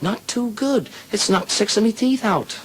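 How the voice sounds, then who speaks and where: A man voicing a plainspoken Irish wife in a stand-up joke, with a shrill, high voice and an Irish accent. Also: animated, moderate pace, heavy background noise.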